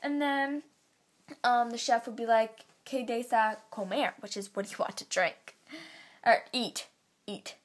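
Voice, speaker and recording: A teenage girl vlogging at home into her camera's built-in mic, chatty and full of fillers, drawing her phrases out slowly. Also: fairly high pitch, steady tone. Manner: chatty, filler-heavy, drawn-out slow phrasing. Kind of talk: casual vlog, teaching basic Spanish phrases. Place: home, indoors.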